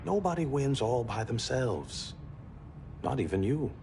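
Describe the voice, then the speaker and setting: A calm, persuasive business advisor. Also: male voice, mid-range voice, noisy background. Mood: earnest. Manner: measured, persuasive advice.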